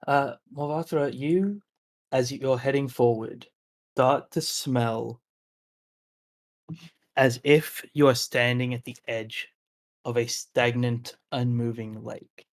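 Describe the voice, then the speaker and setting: A man's voice: medium pitch, fairly even intonation, takes it slowly, pauses often. A man running a tabletop role-playing game, narrating the scene in a descriptive way, with frequent "uh" and "like" fillers. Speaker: game master.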